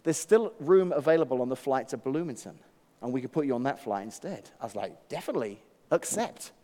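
A middle-aged man, giving an animated, self-mocking storytelling devotional talk and laughing often. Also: mid-range voice, fairly quick. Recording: long hall reverb.

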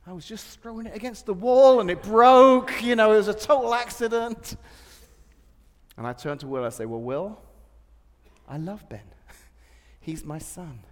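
A man with a high voice preaches to a congregation, mixing light personal stories into the sermon. He laughs often between lines. His voice rings out with a long reverb in a large church hall. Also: expressive, measured pace, long pauses. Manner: humorous storytelling, laughs often. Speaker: pastor.

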